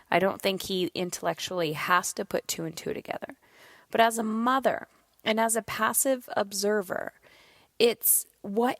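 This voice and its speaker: A woman in her thirties hosting a podcast, telling a story in a candid, animated way and swearing freely. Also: medium pitch, no echo, studio quality. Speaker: podcast host. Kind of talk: casual solo monologue.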